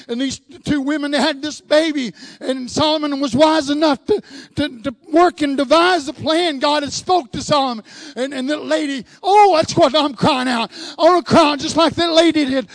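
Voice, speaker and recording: A man preaching a revival sermon in church, moving between quiet asides and shouted, drawn-out lines. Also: extremely high pitch, no room sound.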